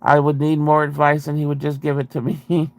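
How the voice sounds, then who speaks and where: A man's voice: fairly high pitch, flat delivery, moderate pace, gravelly. A man hosting a casual video chat, reading viewer comments aloud with a rambling, self-interrupting way of talking and frequent laughs.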